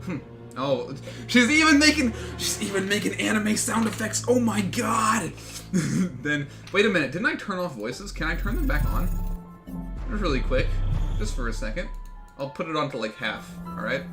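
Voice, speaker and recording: A man streaming a game, reading its story text aloud in an excitable way, often swearing and laughing. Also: sits high, normal speed, over music.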